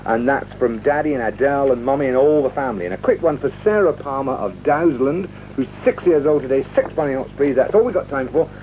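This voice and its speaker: A man reading birthday greetings on children's television, cheerful and gently coaxing. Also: mid-range voice, lively intonation, fairly quick, hardly any pauses. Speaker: TV presenter. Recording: archive TV audio with faint noise.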